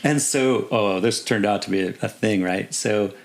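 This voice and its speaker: Gravelly middle-aged man telling war stories. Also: fairly low pitch, little pitch movement, normal speed. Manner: rambling anecdotes, many "you know" fillers, acts out voices in quotes. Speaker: guest, army officer. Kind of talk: casual storytelling.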